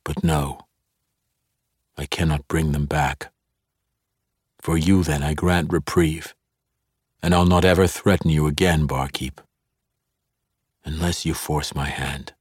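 A man reading the part of a cold, menacing dark elf weapon master in a calm, low, threatening way. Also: slow pace, pauses often, husky, no room sound, clean studio sound, exaggerated voice. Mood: grim, measured.

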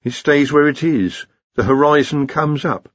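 A man voicing a weary, plain-spoken male wizard who answers flatly. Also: fairly high pitch, measured pace, no room sound, highs cut off, voice pushed up. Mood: matter-of-fact.

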